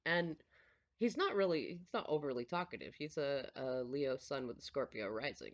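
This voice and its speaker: A mother chatting casually as she tells a family story, animated and laughing often. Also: low voice, normal speed, highs cut off.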